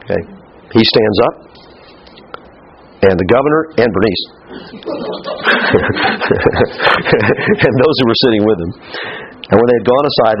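A man teaching a Bible study class in a lively, chatty way. He laughs as he talks, restarts his sentences and acts out the scripture dialogue. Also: lowish voice. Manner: animated, laughing asides, stammering restarts. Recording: dull lo-fi recording with faint hiss.

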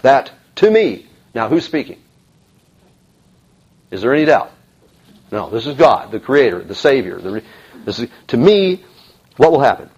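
A man teaching a Bible class in an emphatic, animated way, with frequent ums and uhs. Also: mid-range voice, fairly quick, slightly rough. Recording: dull lo-fi recording.

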